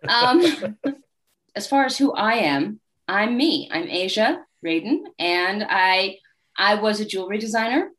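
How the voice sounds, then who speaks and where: Woman, guest author, wry, candid, anecdotal, medium pitch. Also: unhurried. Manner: acts out quoted people in lively voices. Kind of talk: casual interview storytelling.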